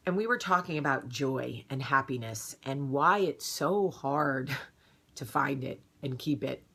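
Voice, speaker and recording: Bright, emphatic woman vlogger. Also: sits low. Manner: animated, emphatic, swings from loud outrage to calmer advice. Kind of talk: casual vlog rant.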